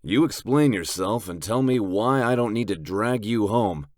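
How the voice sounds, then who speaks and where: A man's voice: lowish voice, expressive, moderate pace, no room sound, studio quality, pitched above the performer's own voice, close to an everyday voice. A man reading an audiobook, voicing a commanding adult male biker with a firm manner. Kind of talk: audiobook character voice.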